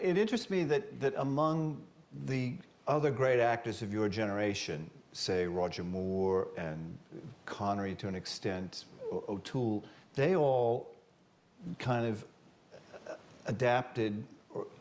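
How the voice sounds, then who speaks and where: A man interviewing a guest on TV, asking questions haltingly with many restarts. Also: on the low side, a little mellow, a little hiss or hum.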